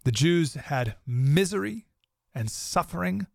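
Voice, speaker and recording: A man's voice: fairly high pitch, lively intonation, normal speed, creaky, dry recording, studio quality. A man hosting a podcast, talking reflectively to his listeners and reading out scripture in a conversational way. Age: adult with a young child. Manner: conversational, quotes scripture, talks to listeners directly. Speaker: podcast host.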